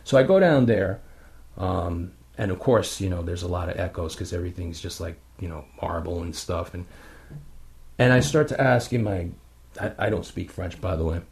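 Low, gravelly male guest; loose, rambling anecdote delivery. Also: moderate pace. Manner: rambling, many fillers, animated retelling. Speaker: guest paranormal investigator. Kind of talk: casual storytelling chat.

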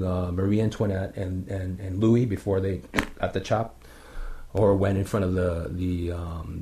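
A man telling a ghost-hunting story in a rambling, casual way, full of fillers. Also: low-pitched. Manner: rambling, many fillers, animated retelling. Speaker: guest paranormal investigator.

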